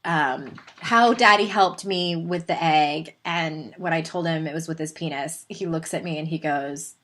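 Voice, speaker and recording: A woman in her thirties with a Southern California accent, hosting a podcast and telling a story in a chatty, animated way with laughing asides. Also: low-pitched, measured pace. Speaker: podcast host. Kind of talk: casual storytelling monologue.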